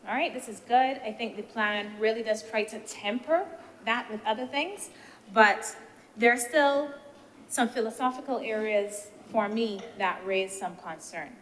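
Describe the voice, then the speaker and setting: A woman's voice: fairly high pitch, a bit bright. Woman senator in echoey chamber. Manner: measured, deliberate, poses rhetorical questions. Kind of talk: parliamentary debate speech. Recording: reverberant chamber with faint background noise.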